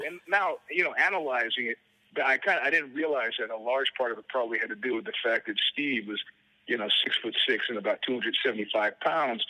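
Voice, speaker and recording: Bright-voiced man telling profane stories. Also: mid-range voice, low-quality recording. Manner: profane, rambling anecdotes, acts out quoted dialogue. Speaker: guest musician. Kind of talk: storytelling interview answers.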